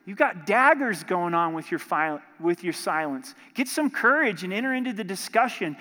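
A man's voice: high-pitched, animated, moderate pace, hardly any pauses. Impassioned male pastor in a reverberant hall. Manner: impassioned, rising to forceful emphasis. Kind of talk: sermon.

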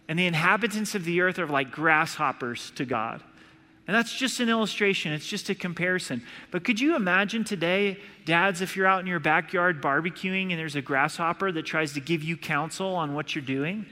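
A man's voice: high-pitched, bright, forceful tone, in a large hall. A male pastor preaching an earnest sermon, now and then acting out voices to illustrate his points.

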